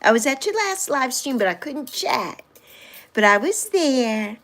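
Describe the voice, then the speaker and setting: A woman in her sixties chats on her livestream in a fairly high voice that swoops up and down. She reads viewer comments aloud and answers them, teasing them and laughing often. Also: big pitch swings, unhurried, fairly bright tone. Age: 60s. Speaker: livestream host. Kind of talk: casual livestream chat with viewers.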